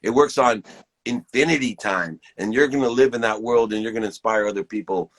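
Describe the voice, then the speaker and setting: A man's voice: on the low side, a little fast. A man in his fifties giving an enthusiastic, preachy pep talk to viewers on a live stream, hosting it from his phone. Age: 50s.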